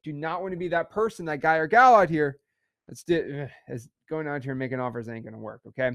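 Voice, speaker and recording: Emphatic, fast-repeating male instructor. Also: a little high, fairly bright tone, no room sound. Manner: emphatic, repetitive, keeps saying "okay" and "again". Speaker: real estate instructor. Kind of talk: online teaching session.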